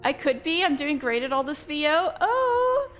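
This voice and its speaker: High bouncy girl streamer, laughs a lot, reads the story out with faint music under it. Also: normal speed. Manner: giggly, animated, voices each character. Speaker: streamer reading a visual novel aloud. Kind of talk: casual chat and dramatic read-aloud narration.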